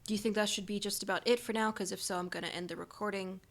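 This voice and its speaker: A woman's voice: medium pitch, fairly even intonation, fast. Give me a woman running a tabletop game, narrating with lots of fillers. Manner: rambling, many um fillers. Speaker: game master.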